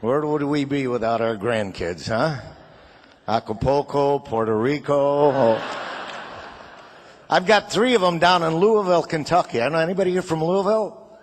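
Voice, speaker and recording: A man's voice: fairly high pitch, animated, normal speed, slight background noise. Older man telling jokes on stage. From Chicago. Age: 60s. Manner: jokey, folksy, chatty with the crowd. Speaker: comedian and singer. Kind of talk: stand-up comedy set.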